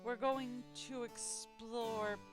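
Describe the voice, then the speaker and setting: Woman streamer, slow measured reader with a slightly high voice, game narration mixed with casual asides. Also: fairly even intonation, music in the background. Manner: reads narration aloud, then breaks off to chat. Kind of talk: reading a story game aloud with casual asides. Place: home streaming setup.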